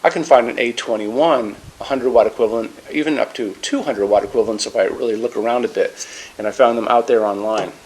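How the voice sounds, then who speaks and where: A man's voice: mid-range voice, fairly quick, darkish tone, a little hiss or hum. Guy showing off a floor lamp, easygoing and upbeat, um-ing a lot, faint clinks of dishes behind him. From United States. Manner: casual, enthusiastic, many fillers and restarts. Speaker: lighting store presenter. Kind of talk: product demonstration.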